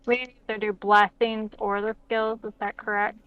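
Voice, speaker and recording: A woman asks hesitant questions about the game rules in a flat, even voice. Her audio comes through dull and lo-fi, as over a voice call. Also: medium pitch, normal speed, clear, resonant tone, no echo. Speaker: player.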